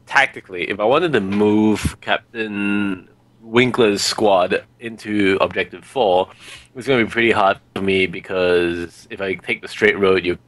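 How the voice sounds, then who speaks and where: A man with a fairly low voice learns a wargame as he plays. He asks curious, tentative questions about the rules. The sound is dry and close. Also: unhurried, fairly bright tone, no echo, low-quality recording. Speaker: player learning the game. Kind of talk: casual questions during play.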